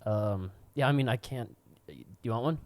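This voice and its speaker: Brief: young male podcast co-host, mid-pitched, crude and rambling, close dry mic. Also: normal speed, no echo. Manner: crude, rambling, laughing storyteller. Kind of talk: casual storytelling.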